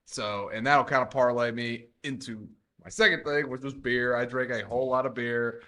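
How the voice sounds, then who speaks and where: A laid-back young man co-hosting a sports podcast, recounting his weekend and laughing easily. His voice sits at a medium pitch. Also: fairly even intonation, normal speed, sharp tone. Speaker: podcast co-host. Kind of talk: casual sports chat.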